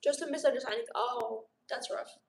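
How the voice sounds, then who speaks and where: A woman's voice: a little high, brisk. A young woman from Romania with a sore throat, hosting a casual live stream and gushing as she chats back to viewers. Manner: bubbly, gushing, chatty, replying to chat aloud. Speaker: livestream host. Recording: roomy echo.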